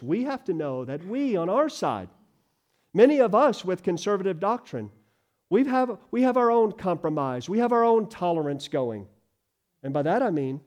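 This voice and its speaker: A male pastor, delivering a sermon and swinging from loud emphatic lines to hushed ones. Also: on the high side.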